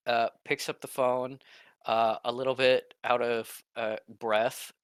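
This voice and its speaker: A man narrating a tabletop game as game master, halting, with many fillers. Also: medium pitch, flat delivery, clear, resonant tone, no echo.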